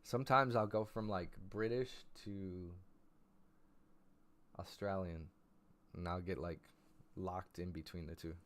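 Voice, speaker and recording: A man's voice: sits low, fairly even intonation, unhurried, long pauses, fairly bright tone. A young man hosting a casual livestream, hyped and repeating viewers' names as he reads their messages. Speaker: livestream host.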